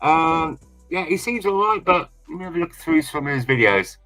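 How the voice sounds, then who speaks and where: A man's voice: on the high side, animated, normal speed, bright, forceful tone, faint music behind. A man from England, co-hosting a livestream in rambling, casual chat and repeating himself often. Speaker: livestream co-host.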